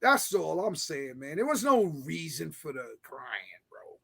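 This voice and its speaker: A man's voice: a little high, very animated, unhurried, vocal fry, bright, forceful tone, husky. A man hosting a casual sports show, brash and argumentative, running through scores and ranting with plenty of slang. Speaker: sports podcast host.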